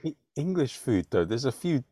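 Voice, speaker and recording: A man's voice: medium pitch, big pitch swings, moderate pace, mellow, breathy edge, no echo, clean studio sound. A man hosting a podcast, joking and laughing often in casual chat. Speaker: podcast host.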